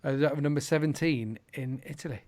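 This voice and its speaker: A man's voice: fairly high pitch, quick pace, darkish tone. A man hosting a podcast in casual chat, teasing his co-host and dryly apologising for technical trouble.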